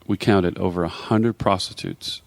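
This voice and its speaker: A man's voice: deep voice, fairly even intonation, normal speed, gravelly, no echo. A middle-aged man co-hosting a podcast, chatting in an easygoing way. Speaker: podcast co-host. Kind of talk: casual chat.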